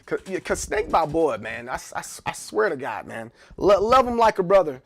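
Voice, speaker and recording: A man's voice: a little high, very animated, normal speed. A man streaming live in casual chat, rambling and joking, often repeating words. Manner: joking, playful.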